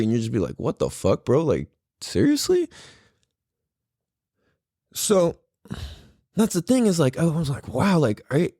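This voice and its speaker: A man in his thirties hosting a podcast, talking in an excitable, rambling way and swearing freely. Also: a little high, dry recording, clean studio sound. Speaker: podcast host. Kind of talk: casual solo podcast talk.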